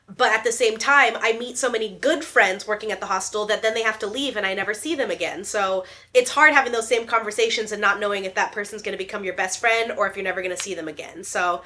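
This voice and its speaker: A woman in her thirties chatting casually to camera as a vlogger, animated and jokey, with playful asides. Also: mid-range voice, brisk. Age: 30s. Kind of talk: casual chat.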